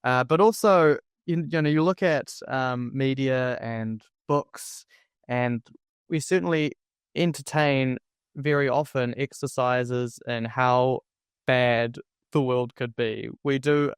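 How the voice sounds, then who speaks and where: A man's voice: mid-range voice, slow, clear, resonant tone, no room sound, studio quality. A man hosting a podcast, musing reflectively in a conversational way. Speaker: podcast host. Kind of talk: conversational interview.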